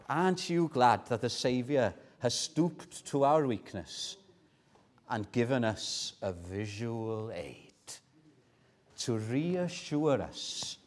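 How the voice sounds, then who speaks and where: A man's voice: mid-range voice, expressive, takes it slowly. A man preaching a sermon, earnest and full of storytelling and rhetorical questions.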